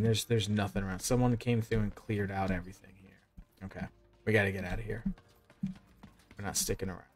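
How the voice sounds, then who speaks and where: A man in his thirties with a Southern American accent, chatting casually to viewers while narrating his gameplay. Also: fairly low pitch. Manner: chatty, talks to himself and to chat while playing. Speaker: game streamer. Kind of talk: live gameplay commentary.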